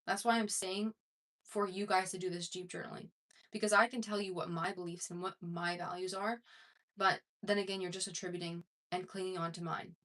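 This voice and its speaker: A woman's voice: on the low side, fairly even intonation, a little fast, fairly bright tone. A woman self-improvement coach talking casually to her viewers, conversational and rambling, with many fillers and restarts. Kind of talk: casual talk to camera.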